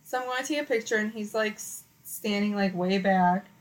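A woman's voice: medium pitch, fairly quick, rough recording. A young woman co-hosting a podcast, telling a long story in casual chat, full of "like" and acted-out quotes. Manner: chatty storytelling, lots of "like". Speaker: podcast co-host.

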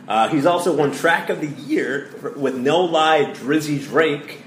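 A man's voice: a little high, unhurried. Playful man hosting a podcast in a roomy space. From Connecticut. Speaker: podcast co-host. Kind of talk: casual sports and music banter. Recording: roomy echo, faint background hiss.

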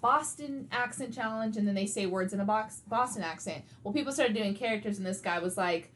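A woman's voice: mid-range voice, a little fast, a bit bright. Chatty, rambling woman co-host. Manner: chatty, rambling storyteller, laughs a lot. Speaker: podcast co-host. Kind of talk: casual chat.

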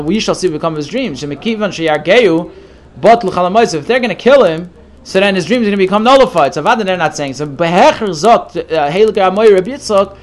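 A man leading a text study class, reading each Hebrew phrase and then translating it. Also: high-pitched. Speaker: Torah teacher.

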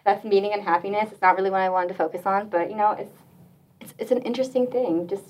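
A woman's voice: mid-range voice, fairly even intonation, fast, darkish tone, far from the mic, low-quality recording. A young woman leading a casual student discussion, chatty and full of fillers, laughing often. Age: young adult. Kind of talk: casual chat.

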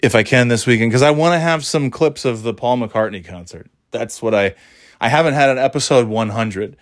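A man's voice: mid-range voice, brisk. A middle-aged man hosting his own podcast, talking in a rambling, casual way, swearing freely and laughing at himself. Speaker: podcast host. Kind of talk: casual solo podcast monologue.

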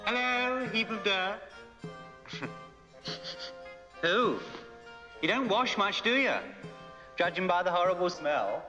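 A man's voice: high voice, expressive, slow, pauses often, pushed and bright, soft background music, exaggerated voice. An actor playing a mocking male bully who taunts and insults. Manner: sneering, taunting. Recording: dull film audio with a long reverb.

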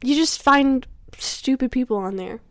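Laughing young Midwestern woman, slightly high. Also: a little slow, dry recording, clean studio sound. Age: 20s. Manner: animated storytelling, laughs often. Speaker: podcast co-host. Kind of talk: casual chat.

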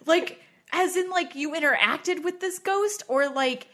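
A woman co-hosting a podcast in casual chat, jokey and quick to exclaim. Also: very high-pitched, bright, forceful tone. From United States. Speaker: podcast co-host.

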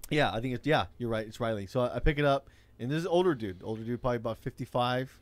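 Profane, animated man, dry sound. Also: mid-range voice, fast, no room sound. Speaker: rideshare driver. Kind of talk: casual storytelling chat.

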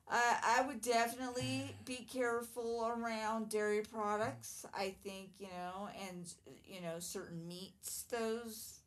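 A middle-aged woman co-hosting a podcast in casual chat, talking hesitantly with many fillers and closing out the show. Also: on the high side. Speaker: podcast co-host.

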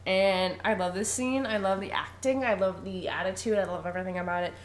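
A woman's voice: medium pitch, fairly quick, a little hiss or hum. A young woman co-hosting a podcast, recapping a film in casual chat and acting out the characters' lines. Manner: animated, laughs often, acts out lines. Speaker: podcast co-host.

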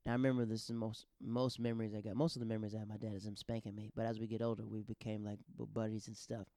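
A man hosting a podcast, telling stories in a casual, animated, slangy way and acting out the quotes. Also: on the low side, very fast, no echo, clean studio sound. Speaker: podcast host. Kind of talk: casual storytelling.

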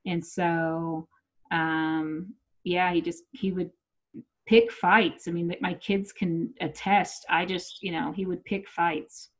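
A middle-aged woman with a fairly low voice takes her time telling a personal story in casual chat. She's animated and swears freely, acting out what people said, and the audio is muffled and lo-fi.

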